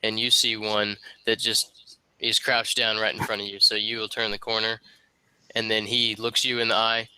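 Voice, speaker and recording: A man's voice: on the low side, flat delivery, normal speed, pushed and bright, clear, resonant tone, no echo, poor audio. A man narrating as game master of a tabletop game, describing the scene with lots of fillers.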